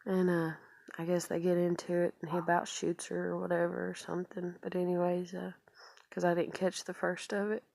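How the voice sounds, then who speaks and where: A woman's voice: fairly low pitch, completely flat delivery, brisk, gravelly, a little mellow, no echo. A woman talking in a rambling confessional vlog, full of fillers and trailing off into whispered asides. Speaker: vlogger.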